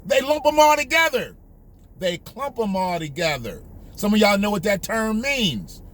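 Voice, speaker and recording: Male commentary host, very high and bright, heated profane rant. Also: very animated, normal speed. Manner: heated, profane, emphatic, repetitive.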